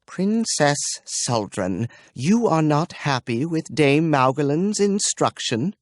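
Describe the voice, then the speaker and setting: A man voicing a clever, haughty older lady-in-waiting who talks crisply and with command. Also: on the high side, big pitch swings, takes it slowly, no echo, studio quality, voice pushed up. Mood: cold. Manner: crisp commanding, doting to a bird.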